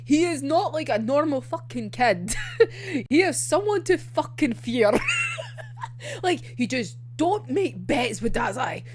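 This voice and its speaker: High, lively young woman ranting. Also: takes it slowly, slight background noise. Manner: laughs often, swears freely, animated ranting. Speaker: manga reaction vlogger. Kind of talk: casual reaction chat.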